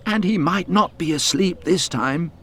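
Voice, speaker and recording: A man voicing an eager, excitable young tank engine in a storybook, high and lively. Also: unhurried. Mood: anxious.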